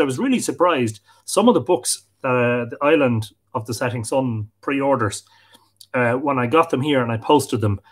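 A man's voice: medium pitch, slightly rough. Chatty Irish man hosting a live stream. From Ireland. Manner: friendly, chatty, greeting viewers by name. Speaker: host of a live online show. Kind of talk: casual live-stream chat, reading out comments.

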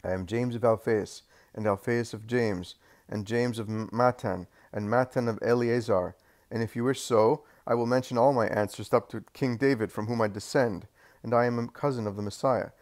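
A man voicing a proud, sharp-tongued disciple who boasts of his lineage. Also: mid-range voice, fairly even intonation, moderate pace, lightly acted. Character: proud, sharp-tongued male relative of royal descent.

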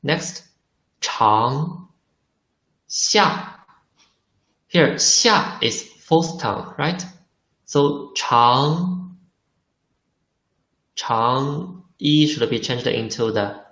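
A man teaching a beginner Chinese lesson in English, speaking slowly and repeating each word while asking the learners questions. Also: mid-range voice, lively intonation, bright, forceful tone, echoey room. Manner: slow and deliberate, repeating words, asks the learners questions. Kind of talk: slow spoken language lesson.

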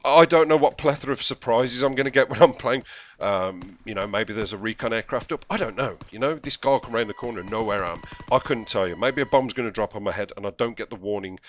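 A man's voice: fairly low pitch, fast, slight background noise. A man giving casual, mocking commentary as a gaming video host. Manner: mocking, chatty. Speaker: gaming YouTuber.

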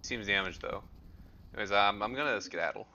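A young man giving casual, excitable gameplay commentary, swearing and yelping in panic as he plays. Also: fairly low pitch, a little fast. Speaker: gameplay streamer. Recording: dull lo-fi audio with game music. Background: game music.

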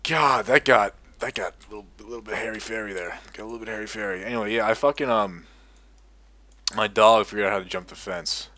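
A man's voice: fairly low pitch, fast talker, pushed and bright, no echo. A sleep-deprived young man giving rambling, profane, self-mocking commentary while he plays an online game. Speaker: gaming video creator. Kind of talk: casual gameplay commentary.

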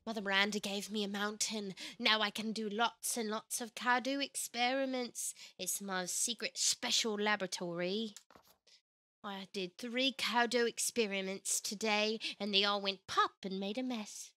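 A woman's voice: medium pitch, steady tone, normal speed, pushed and bright, natural voice. A woman voicing a deformed, whiny male mad scientist from a video game, boasting childishly in an odd put-on accent.

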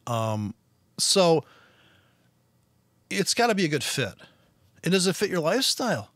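A man's voice: a little high, moderate pace, long pauses, no room sound. Foul-mouthed ranting male trader. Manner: blunt, swears constantly, animated, laughs at his own jokes. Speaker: forex trader streaming his charts. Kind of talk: profane ranting commentary.

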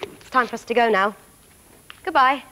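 A woman presenting a children's television programme, reciting tongue twisters in an animated, sing-song way. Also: on the high side, normal speed, slight background noise.

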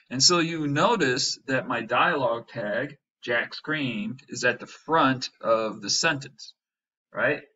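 A man's voice: medium pitch, bright, forceful tone, a little hiss or hum. A male teacher giving an upbeat, jokey classroom lesson, checking in with "right?" after nearly every point. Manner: tags sentences with "right?". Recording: dull lo-fi recording.

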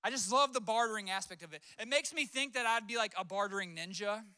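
A man's voice: high-pitched, fast talker, sharp tone, smooth, dry recording, clean studio sound. A man preaching a sermon as pastor, telling stories in a conversational way and acting out quotes. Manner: conversational storytelling with acted-out quotes.

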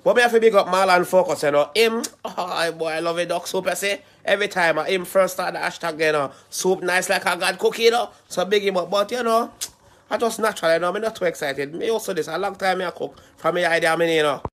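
Man plays boastful Jamaican Rasta chef, laid-back patois, slightly raised pitch. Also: fast talker, fairly bright tone. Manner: laid-back patois, full of "you know". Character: boastful male Rasta chef, restaurant owner.

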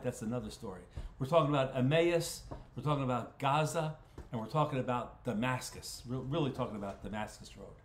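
A man leading a casual Bible study as its pastor, talking in a folksy way and often repeating words while he thinks aloud. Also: mid-range voice. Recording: roomy echo.

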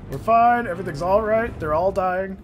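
Excitable high-voiced man, gaming commentary. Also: moderate pace, a little hiss or hum. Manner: excitable, swears and laughs often, jokey asides. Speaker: gameplay streamer. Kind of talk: casual let's-play commentary. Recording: faint game music behind.

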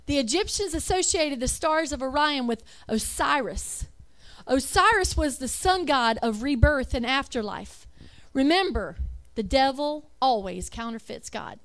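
A high-pitched, animated woman with a fairly bright tone speaks at a measured pace in an emphatic religious talk over slides. She reads lists aloud, asks rhetorical questions, and revises her words mid-stream.

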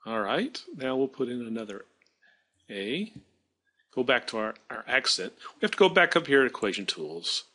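A male math teacher narrates a screen-recorded tutorial, his voice bright and a little husky. His pitch moves up and down a lot, and he thinks aloud as he works, stopping to fix his own mistakes. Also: big pitch swings, normal speed. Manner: thinking aloud while working, self-correcting.

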